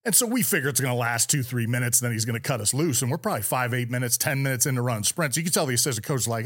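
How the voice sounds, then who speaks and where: Fast-talking middle-aged man telling stories. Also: medium pitch, slightly rough. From California. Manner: fast, energetic storytelling with repeated words and restarts. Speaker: podcast guest, former Navy SEAL commander. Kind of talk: storytelling interview talk.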